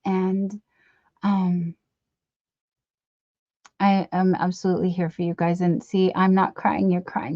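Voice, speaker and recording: A woman's voice: on the low side, slow pace, pauses often, no echo, muffled recording. A middle-aged woman hosting a late-night live stream, chatting and reading out comments in a rambling, giggly, affectionate way with lots of fillers. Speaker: livestream host.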